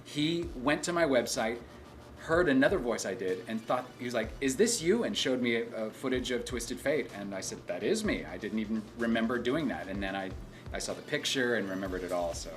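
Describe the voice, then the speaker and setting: A man with a fairly low voice talks loosely about his voice acting work, stopping and restarting his sentences often. Soft music plays faintly underneath. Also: lively intonation, moderate pace. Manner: rambling, many restarts. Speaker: voice actor. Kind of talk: casual interview talk.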